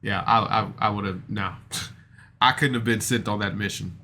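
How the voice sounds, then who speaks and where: Bright-voiced man recapping casually. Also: on the low side, steady tone, unhurried, a little hiss or hum. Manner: rambling, self-deprecating, heavy fillers. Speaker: podcast reviewer.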